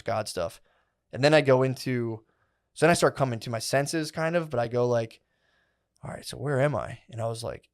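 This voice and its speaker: A man hosting a casual podcast, rambling through a story with constant swearing and "dude" and "like". His voice sits at an ordinary middle pitch. He slips in and out of quoted voices as he talks. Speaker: podcast host.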